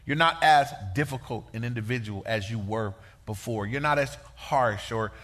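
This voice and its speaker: Man, pastor, sermon, folksy conversational delivery, bright tone. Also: medium pitch, normal speed. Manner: lively, folksy, conversational preaching.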